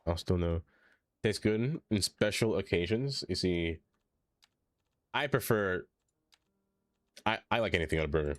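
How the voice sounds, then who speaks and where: A man's voice: low-pitched, animated, a little slow, long pauses, no room sound. A man live-streaming a city-building game, chatting casually and reading chat aloud, ranting animatedly and laughing often.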